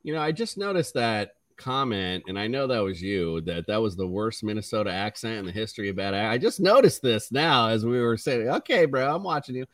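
A man's voice: on the low side, animated, brisk, few pauses, dry recording. A man hosting a casual fantasy football podcast, talking in a loose, rambling and upbeat way. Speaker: host. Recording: distant mic with faint noise.

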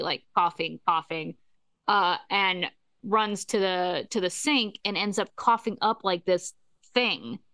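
A woman co-hosting a casual chat, retelling scenes with quick quoted voices and frequent laughs. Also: mid-range voice, no room sound. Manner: animated storyteller, acts out quotes, laughs often. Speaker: podcast co-host. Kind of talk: casual chat recapping a TV episode.

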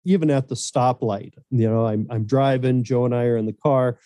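A man's voice: medium pitch, normal speed, dry recording. Laughing storyteller man, dry sound. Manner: laughs often, animated anecdotes. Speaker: podcast guest. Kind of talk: casual storytelling chat.

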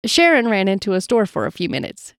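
Woman podcast co-host, story reader, mid-pitched, dry close mic. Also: big pitch swings, brisk, no echo. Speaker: podcast co-host telling stories.

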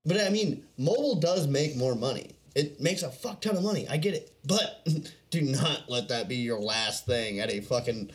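Profane, animated man in casual chat. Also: mid-range voice, moderate pace, hardly any pauses. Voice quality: profane, laughs often, acts out others' lines.

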